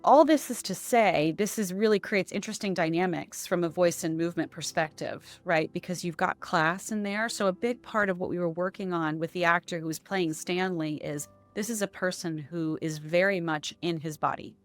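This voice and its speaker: A woman's voice: lowish voice, moderate pace, few pauses, soft background music. A woman voice and accent coach explaining her methods in a conversational interview, often checking in with "right?".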